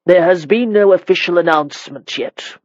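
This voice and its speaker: In an audiobook, a reader gives voice to an older, gruff marquis who is imperious, blunt, commanding, and sharp-tongued. The delivery is medium-pitched at normal speed and lightly acted, on a dry recording with the highs cut off.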